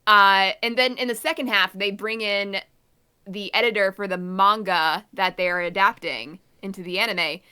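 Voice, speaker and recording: A woman's voice: medium pitch, fairly even intonation, moderate pace, bright, forceful tone, smooth. A woman co-hosting a podcast in casual chat, ranting in an exasperated, blunt way. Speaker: podcast co-host.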